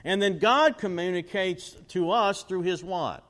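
Man, middle-aged, preacher, sermon, rhetorical questions, rising and falling volume, fairly high voice. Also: measured pace, a bit bright. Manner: call-and-response questions, dramatic swings in pitch and volume. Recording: long hall reverb.

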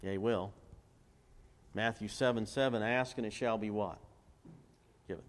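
Male pastor preaching, asks the congregation questions and answers them himself, quotes scripture slow. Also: lowish voice. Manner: call-and-response questions to the congregation; quotes scripture and recites hymn lyrics slowly. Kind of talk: sermon.

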